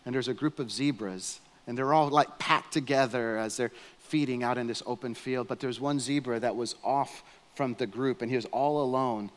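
Earnest pastor preaching in a reverberant church. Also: male voice, mid-range voice. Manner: earnest storytelling, rising to fervent appeals. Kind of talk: sermon. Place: church sanctuary. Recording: long hall reverb in a church.

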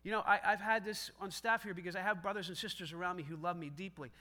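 A man's voice: high voice, fairly even intonation, quick pace, pushed and bright. A man preaching a sermon as pastor, in a conversational style that acts out quoted dialogue with self-deprecating humor.

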